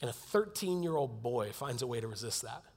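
A man preaching a sermon in an earnest tone that moves from loud to hushed. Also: mid-range voice, very animated, fairly quick, slightly rough. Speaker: pastor. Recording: long hall reverb.

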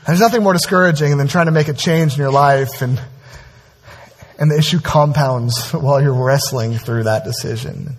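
A man preaching a sermon as pastor, animated and conversational, with frequent asides to the congregation. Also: on the high side, moderate pace, slightly rough.

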